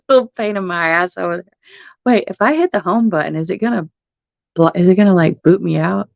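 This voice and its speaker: A woman's voice: fairly low pitch, fairly quick, gravelly, dry recording. A middle-aged woman, hosting a casual livestream from her phone at home, laughing often and swearing casually. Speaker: livestream host. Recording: muffled phone stream audio.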